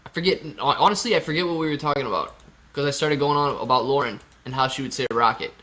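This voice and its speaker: A man's voice: medium pitch, fast talker, sharp tone. A young man hosting a casual live stream, joking around and reading viewer chat aloud. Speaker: livestream host.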